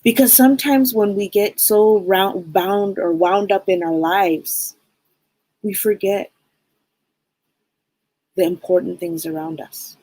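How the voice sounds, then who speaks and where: A woman's voice: medium pitch, slow, pauses often, warm tone, no echo, rough recording. A woman hosting a live-stream psychic reading show, talking in a heartfelt, rambling way with many restarts.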